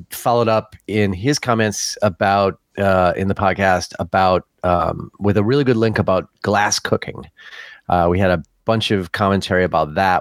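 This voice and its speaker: Chill guy on a podcast reading comments, lowish voice, lots of ums, dry close mic. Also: no echo. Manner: easygoing, chuckling, hesitant with uh and um. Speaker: podcast co-host. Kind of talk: casual podcast chat reading listener comments.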